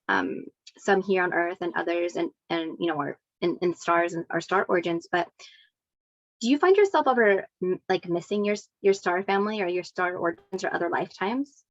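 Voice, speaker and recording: A woman of middling pitch speaks in a casual interview, rambling with plenty of "like" and "you know" and warmly agreeing. Her audio is muffled and lo-fi, with no room sound at all. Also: dry recording. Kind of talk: casual video-call interview. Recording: dull, dry lo-fi audio.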